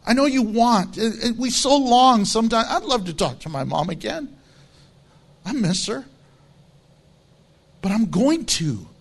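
A man preaching as pastor, blunt and emphatic, with low, quiet asides in a conversational sermon. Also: expressive, unhurried, gravelly, pauses often.

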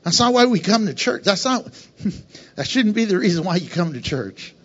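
A pastor preaches to his congregation in a church, his husky, fairly high voice carrying an animated, conversational sermon. He keeps breaking into snappy bits of imagined dialogue. The recording sounds dull and lo-fi. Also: normal speed. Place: church sanctuary.

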